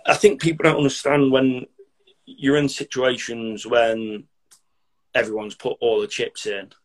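A man, a military veteran talking casually and bluntly, swearing freely with dark humour. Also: mid-range voice, level tone, measured pace. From Derby, England. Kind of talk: casual podcast chat.

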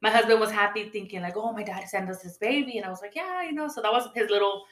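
A woman's voice: medium pitch, fast, a bit bright. A woman in casual podcast chat, telling stories in a chatty way and acting out the voices of people she quotes. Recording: echoey room.

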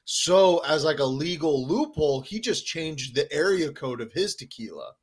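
A man's voice: a little high, expressive, moderate pace, breathy edge. A man co-hosting a podcast in casual chat, rambling and profane, with many filler words. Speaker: podcast co-host.

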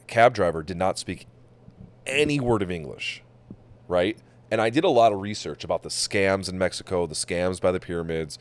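A man hosting a podcast, telling a travel story in casual chat, swearing and acting out the people he met. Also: low voice. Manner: animated storyteller, swears, acts out quotes. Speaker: podcast host.

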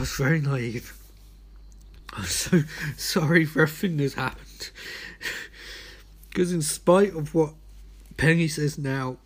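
A high-pitched man hosts his podcast in a comic monologue, exhausted and unravelling. His voice leaps all over the place as he lurches between frantic, swearing rants and drained mumbling. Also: husky. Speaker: podcast host.

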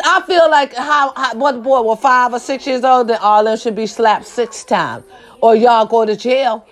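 A woman ranting to camera, blunt and profane, firing rhetorical questions and swinging between shouting and low muttered asides. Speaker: social media commentator. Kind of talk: impassioned rant to camera.

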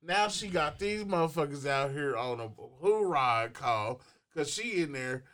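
A man's voice: on the high side, lively intonation, measured pace, a bit bright. A man co-hosting a talk show in a studio, telling a story casually with heavy profanity. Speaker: co-host. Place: radio studio.

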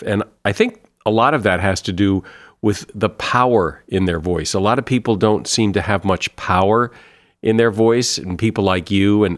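Low-voiced man hosting a chat. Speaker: podcast host. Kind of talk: casual interview chat.

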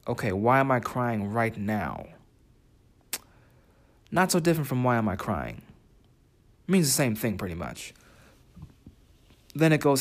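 A man's voice: mid-range voice, wildly swooping pitch. A man teaching a writing lesson, reading quoted lines and asking the listener reflective questions. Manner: reflective, asks listeners questions, reads lyric quotes slowly. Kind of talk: spoken lesson comparing translations.

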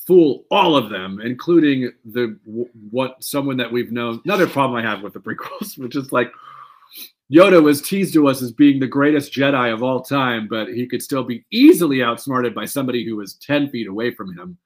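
A man co-hosting a fan podcast, talking in an animated, rambling way and swearing freely. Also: medium pitch, moderate pace. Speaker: podcast co-host. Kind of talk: casual fan chat.

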